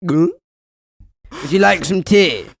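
A man's voice: high voice, slow, creaky, no echo, clean studio sound, heavily acted. A man playing a shifty older man who dodges questions and keeps offering tea in a fake posh manner. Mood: evasive.

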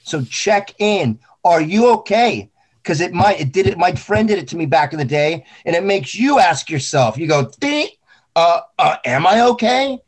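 Man, grieving, raw and rambling, swears a lot, slightly high voice. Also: lively intonation, normal speed, slightly rough. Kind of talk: emotional casual talk.

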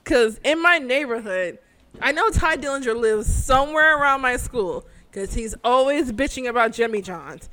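A woman co-hosting a casual chat, excitable and swearing freely as she acts out her own reactions. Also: a little high, normal speed. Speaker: podcast co-host.

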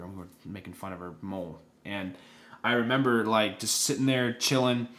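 A man's voice: on the low side, brisk, fairly bright tone. A young man co-hosting a podcast, telling a story in loose casual chat, full of fillers and restarts. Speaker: podcast co-host.

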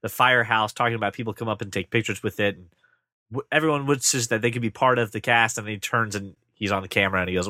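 A man hosting a podcast in casual chat, joking and talking in quick, animated bursts. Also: lowish voice, dry recording, studio quality. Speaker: podcast host.

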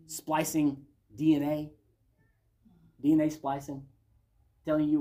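A man teaching a Bible study, reading scripture aloud and then stopping to comment on it. His delivery is conversational and unhurried, more like a chat with the group than a formal sermon. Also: a little high, completely flat delivery, dark tone.

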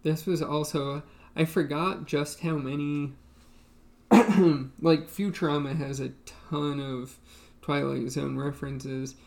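A podcast co-host talking casually in a halting way, with many ums. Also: medium pitch, steady tone, creaky, a little mellow. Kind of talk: casual chat.

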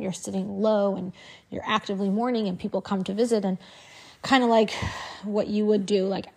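A woman speaks straight to her followers in a candid to-camera monologue. She is outspoken and emphatic, with a voice of middling pitch, and she drives her points home by repeating phrases. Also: creaky, darkish tone. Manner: frank and outspoken. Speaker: social media creator.

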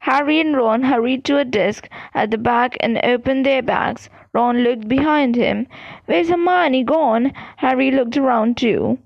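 Amateur reader, woman, high-pitched, reads a novel aloud with slips, close and dry. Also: normal speed, gravelly, few pauses, no echo. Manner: stumbles and restarts words. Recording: dull, dry lo-fi recording.

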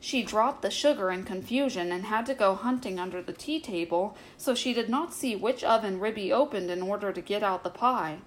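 Calm woman reading a bedtime story. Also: medium pitch, low-quality recording. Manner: calm, measured narration.

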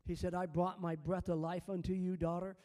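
A man's voice: high-pitched, little pitch movement, brisk, dark tone, recorded from a distance. A man ministering prophetic words over members of a congregation, fervent and repetitive, quoting God as speaking.

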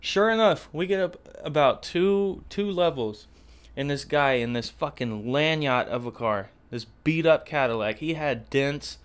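A man's voice: a little high, animated, measured pace, clear, resonant tone. A man hosting a podcast, telling a profane, exasperated story in a casual rant. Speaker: podcast host. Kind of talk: casual ranting monologue.

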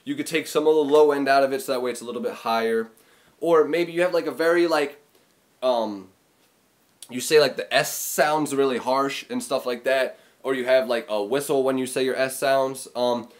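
A man's voice: medium pitch, moderate pace. A man hosting a casual music tutorial, talking loosely with lots of fillers and acting out sounds with his voice, recorded in a small room. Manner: rambling, filler-heavy, demonstrates sounds with his voice. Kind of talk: casual explainer video.

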